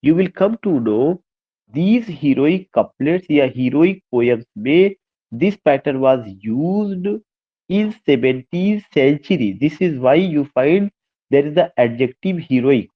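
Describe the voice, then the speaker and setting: A man's voice: on the high side, expressive, measured pace, narrow, tinny audio. A male literature teacher with an Indian English accent lecturing an online class, repeating points, asking rhetorical questions and mixing English with Hindi. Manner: switches between English and Hindi.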